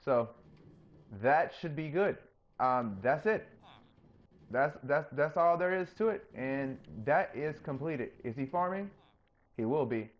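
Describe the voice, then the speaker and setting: A man hosting his own gaming channel, chatting casually through his gameplay and getting openly excited when things work. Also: takes it slowly. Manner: coaxes the game character in a higher, playful voice.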